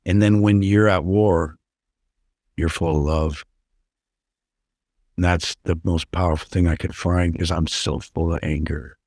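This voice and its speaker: A man's voice: low-pitched, fairly even intonation, measured pace, pauses often, a little mellow, dry recording, studio quality. A middle-aged man talking candidly as a podcast guest, intense and blunt, swearing freely. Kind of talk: candid interview talk.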